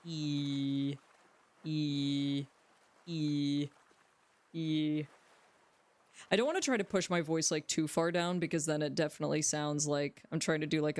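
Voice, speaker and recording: A woman livestreamer in casual chat, rambling and joking as she talks to her viewers from home. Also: sits low. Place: home room.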